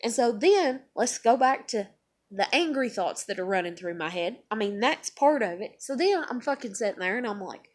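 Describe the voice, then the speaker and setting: A young woman venting angrily in a vlog. She swears constantly and swings between loud outbursts and low muttering. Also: expressive, moderate pace. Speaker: vlogger. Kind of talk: angry venting monologue.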